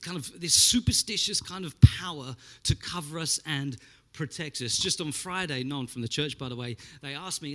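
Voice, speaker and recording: Bright-voiced animated male preacher. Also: a little high, moderate pace. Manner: animated storyteller, mimics spray sounds. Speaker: pastor. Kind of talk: Pentecostal sermon.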